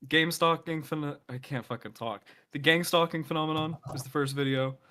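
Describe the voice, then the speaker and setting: A man's voice: a little high, fairly even intonation, normal speed, pushed and bright. A groggy man on an online panel, talking hesitantly and rambling about his video plans. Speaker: panelist, YouTuber. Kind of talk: casual chat.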